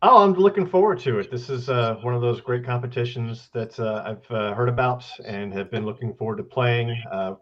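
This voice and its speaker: A man's voice: medium pitch, a little fast, hardly any pauses. A man chatting as a contestant on a video call, hesitant with many fillers. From USA. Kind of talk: casual chat. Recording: dull lo-fi call audio.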